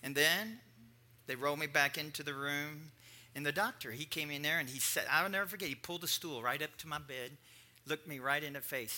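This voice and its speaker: A middle-aged man preaching from the pulpit, his voice very bright and forceful and pitched a touch high. He tells a personal story in an animated way, acting out the voices of the people in it. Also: brisk. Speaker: pastor.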